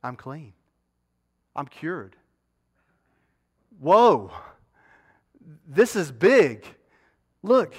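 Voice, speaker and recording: A man's voice: mid-range voice, a little slow, fairly bright tone, lightly acted. A man acting out a boastful foreign army commander who demands a grand welcome. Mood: overjoyed. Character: proud foreign army commander, later overjoyed.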